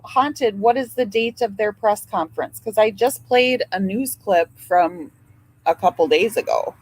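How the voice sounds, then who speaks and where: Woman host, grandmother, casual live chat, drawn-out unhurried delivery, heartfelt and talkative. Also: mid-range voice, breathy edge, low-quality recording. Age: older. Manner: emotional, chatty, swears and apologizes. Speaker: livestream host.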